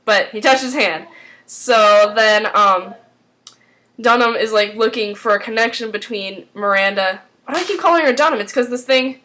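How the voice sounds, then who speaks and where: A woman's voice: a little high, normal speed, pushed and bright. A woman casually recapping a TV episode, rambling with lots of fillers. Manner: rambling, full of "like" and "um". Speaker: TV recap vlogger.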